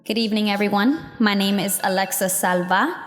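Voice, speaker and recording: A woman's voice: medium pitch, fairly quick. A young woman from Camden, New Jersey, reading a composed, prepared public comment at a school board meeting. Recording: reverberant hall.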